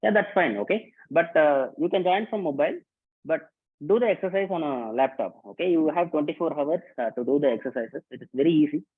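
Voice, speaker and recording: A man's voice: on the high side, a little fast, breathy edge. Male workshop host on a video call, casual and repetitive, thin phone-line sound. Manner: casual, repetitive, calls out names and instructions. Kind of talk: live online workshop, greeting participants. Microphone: online video call. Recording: tinny phone-like call audio.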